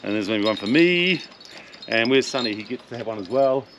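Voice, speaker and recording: A man hosting a travel vlog outdoors in a mountain town, speaking in a reflective, softly awed way as he leads a tour. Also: medium pitch, lively intonation, a little fast, noisy background. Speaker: tour leader and vlog host. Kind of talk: casual travel vlog narration. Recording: outdoor street crowd behind.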